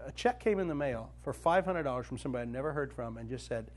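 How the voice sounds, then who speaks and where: A man's voice: medium pitch, animated, fast. A male Christian speaker and author telling a personal faith story to a group, acting out the dialogue with self-mocking humor.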